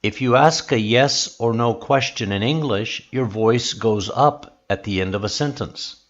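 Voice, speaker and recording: Slow, measured man teaching English. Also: mid-range voice, lo-fi sound. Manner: slow, measured, with exaggerated example intonation. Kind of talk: scripted instructional narration.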